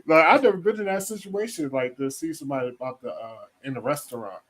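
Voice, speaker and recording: A man co-hosting a casual live chat show, telling animated stories and acting out other people's voices with lots of laughter. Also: on the high side, quick pace. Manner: animated storyteller, acts out voices, laughs often. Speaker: co-host.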